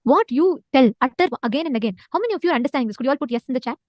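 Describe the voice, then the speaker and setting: A woman's voice: sits high, lively intonation, very fast, no echo. A woman with an Indian English accent teaching a live online spiritual session, earnestly urging listeners to respond.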